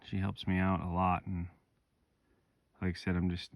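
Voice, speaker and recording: A man telling his hunt story outdoors in remote mountain country, excited and emotional, swearing freely in casual vlog talk. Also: low-pitched, normal speed, gravelly, dry recording, clean studio sound. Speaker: hunter filming himself.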